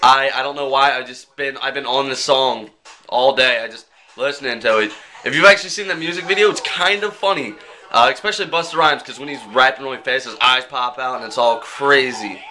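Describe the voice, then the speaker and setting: A young man talking to his webcam in a casual vlog, joking and swearing as he rants and mimics people in quick bits. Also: medium pitch, pushed and bright, slight background noise. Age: young adult. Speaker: vlogger.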